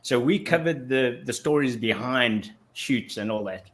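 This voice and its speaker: A guest actor from South Africa shares his story on a casual interview program, wandering and often starting over. His medium-pitched voice is a bit bright, and his pace is measured.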